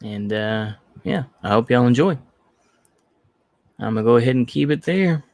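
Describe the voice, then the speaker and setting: A man's voice: medium pitch, animated, normal speed, creaky, a little mellow, no room sound. A man from the United States hosting a livestream in casual chat, rambling, repeating himself and trailing off into fillers. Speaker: livestream host.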